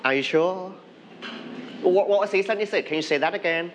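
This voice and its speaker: A man's voice: high-pitched, normal speed, a bit bright, slight background noise. A man with a Thai accent teaching an English class, prompting students and having them repeat phrases back. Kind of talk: classroom language drill.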